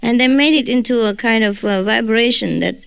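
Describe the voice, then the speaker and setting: A woman's voice: fairly high pitch, a little fast, gravelly, clean tone, no echo. A woman who is not a native English speaker gives an informal, joking talk to her followers as a spiritual teacher. She often tags her sentences with a questioning "huh?".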